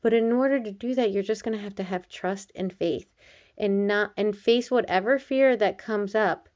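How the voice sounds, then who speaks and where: A woman of middle pitch talks through an oracle card reading in a relaxed, chatty way. She addresses the viewer directly, earnest and reassuring, with light fillers and the odd laugh. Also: normal speed. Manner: earnest and encouraging, speaking straight to the viewer. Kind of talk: casual card reading to camera.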